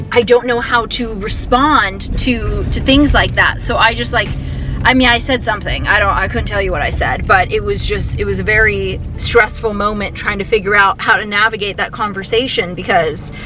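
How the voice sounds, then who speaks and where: Young female vlogger, casual and excitable, talking straight to a handheld camera over music. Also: mid-range voice, moderate pace, poor audio. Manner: chatty, excitable, many fillers and restarts. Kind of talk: casual vlog chat. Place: car, then store and home.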